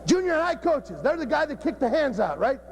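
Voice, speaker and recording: A man's voice: extremely high pitch, big pitch swings, fairly quick, creaky. A man who is a football coach, giving a joking, blunt, profane talk at a coaching clinic. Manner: blunt and profane, cracking jokes.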